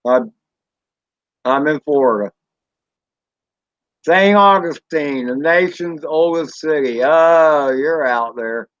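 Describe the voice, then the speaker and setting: A man with a Southern US accent chatting casually on a live stream, rambling and folksy with drawn-out fillers and mild swearing. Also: a little high, fairly bright tone, no echo, dull audio. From Southern United States. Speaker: drone channel host reading live chat.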